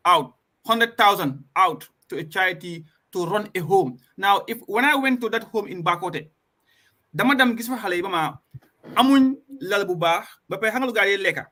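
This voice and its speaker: A man hosting a casual discussion, talking in an animated, emphatic way with frequent restarts. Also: high-pitched, normal speed. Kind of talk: casual discussion mixing English and Wolof.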